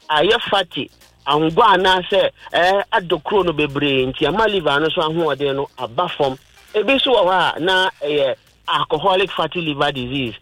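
A fairly high, slightly bright male voice comes through a low-quality recording. He is a health expert with a Ghanaian accent, a guest on a radio program where he explains liver disease patiently through everyday examples, switching between Twi and English.

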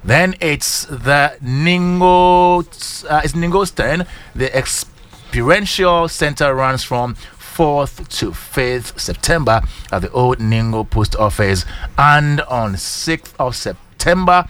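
A man with a Ghanaian accent, a radio co-host doing an energetic, chanting ad read. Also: fairly high pitch, slow, clear, resonant tone. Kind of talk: hyped ad read.

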